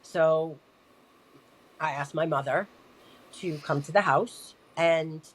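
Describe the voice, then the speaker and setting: A woman with a somewhat low voice recounts a personal story in an easy conversational way. She is animated and slips into the voices of the people she quotes. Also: takes it slowly. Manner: animated, acts out quoted dialogue. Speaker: podcast guest.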